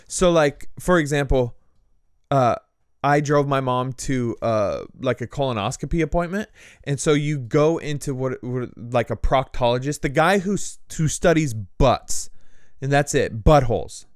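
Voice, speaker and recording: A man's voice: medium pitch, unhurried, clean tone, no room sound, clean studio sound. A young man co-hosting a podcast, telling crude stories in casual banter with lots of swearing and laughter. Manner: lively storytelling with swearing and laughter. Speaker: podcast co-host.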